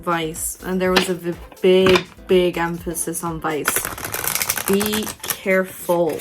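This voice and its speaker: Slow, low-voiced woman tarot reader. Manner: frank, profane, intimate address to the viewer. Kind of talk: tarot reading video.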